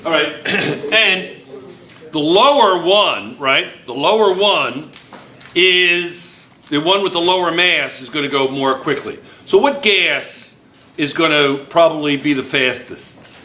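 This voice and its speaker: A man teaching a chemistry class in a playful, teasing way, talking loudly to the room. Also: a little high, slow pace. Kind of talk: joking classroom review.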